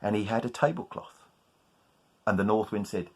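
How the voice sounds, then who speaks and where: A man telling a folk tale live at a festival, lively and inviting the audience to call out. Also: on the low side, moderate pace, slightly rough. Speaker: storyteller. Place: festival tent.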